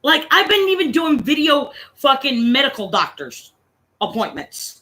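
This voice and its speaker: A woman's voice: high-pitched, big pitch swings, a little slow, sharp tone. A woman from Connecticut venting in a casual, rambling, profane chat on her own stream. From Connecticut, USA. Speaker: livestream host.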